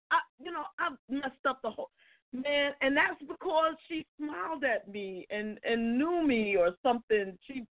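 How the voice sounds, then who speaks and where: A woman co-hosting a talk show, telling a story in a casual, animated, self-mocking way and laughing often. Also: high voice, moderate pace, phone-quality sound. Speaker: co-host.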